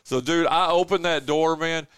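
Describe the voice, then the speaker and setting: A man hosting a local sports radio show, excitable and quick to laugh, calling everyone "dude". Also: a little high, clear, resonant tone, no room sound, studio quality. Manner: excitable, laughs often, says "dude" a lot. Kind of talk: casual sports radio chat. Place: radio studio. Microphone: studio microphone.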